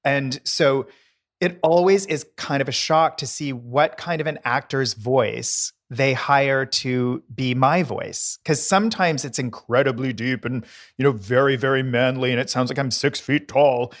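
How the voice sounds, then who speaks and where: A middle-aged decorator co-hosts a podcast, spinning stories in a chatty, casual way and doing playful voice impressions. He speaks at a measured pace in a medium-pitched voice.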